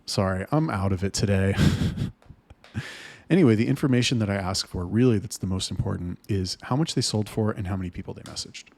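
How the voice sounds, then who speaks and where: A man's voice: lowish voice, a little fast, gravelly, darkish tone. A man talking to camera about managing his sales staff, blunt and heated, swearing often. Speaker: business owner talking to camera. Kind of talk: casual rant to camera.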